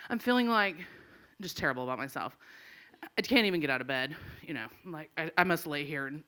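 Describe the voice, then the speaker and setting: A woman's voice: low voice, expressive, fast, pushed and bright. A woman telling a true comic story on a live stage, laughing through her lines and acting out the people she quotes. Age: 40s. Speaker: storyteller comedian. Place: small live venue stage.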